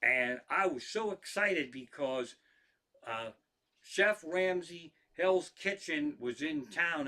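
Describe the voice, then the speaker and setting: A high-pitched, sharp-sounding man, a stand-up comedian, rambles through profane stories for a live stream. His casual storytelling is full of sentences he abandons and begins again.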